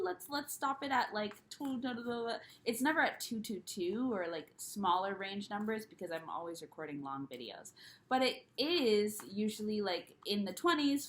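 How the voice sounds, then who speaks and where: A young woman talks to her camera in a loose, rambling way, circling back and restarting her sentences. She laughs at herself often and keeps it candid. Her pitch sits in an ordinary middle range. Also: a bit bright. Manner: candid, loose and self-mocking. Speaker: spiritual YouTuber. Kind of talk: casual solo vlog chat.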